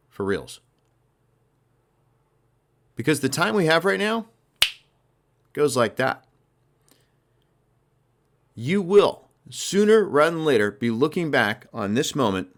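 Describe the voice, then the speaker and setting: A man hosting a motivational sales podcast, talking in an emphatic, energetic, conversational way. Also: medium pitch, a little slow, long pauses. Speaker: sales coach and podcast host.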